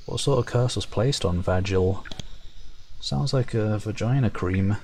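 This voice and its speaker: A man's voice: on the low side, unhurried, darkish tone, a little hiss or hum. A man casually commenting on a role-playing game, joking and irreverent while he reads its text aloud. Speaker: gaming channel host. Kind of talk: casual let's-play commentary.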